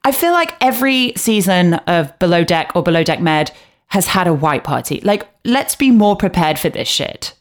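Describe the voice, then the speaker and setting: This is a woman on a casual podcast, her voice sitting a little low. She is blunt and animated, swearing freely as she dishes gossip with her co-host. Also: normal speed. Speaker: podcast co-host recapping a reality show. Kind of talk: casual chat.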